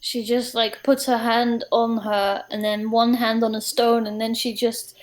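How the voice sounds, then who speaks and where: A woman narrating a tabletop game as game master, describing scenes slowly with many hesitations. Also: a little high, level tone.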